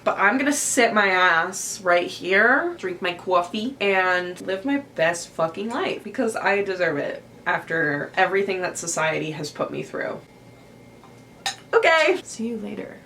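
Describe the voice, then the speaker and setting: A woman's voice: normal speed, hardly any pauses, pushed and bright, a little hiss or hum. A young woman book vlogger chatting casually at home, swearing freely and gushing about her reading. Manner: chatty, swears casually, talks to her dog in a high baby voice. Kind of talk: casual reading vlog chat.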